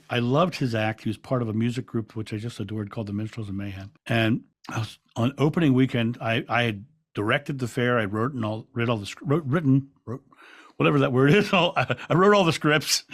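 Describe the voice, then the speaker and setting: A man guest on an interview podcast, telling stories in a calm, reflective way with frequent restarts. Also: medium pitch, fairly quick, no room sound, clean studio sound. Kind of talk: relaxed storytelling in an interview.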